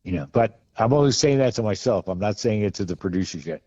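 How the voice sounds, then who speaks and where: Male podcast guest, low warm voice, wry anecdotal rambler, lo-fi remote audio. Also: expressive, fast, breathy edge, dry recording. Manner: rambling, wry, many restarts and fillers. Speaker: podcast guest, film costume and gun expert. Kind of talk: casual anecdotal storytelling.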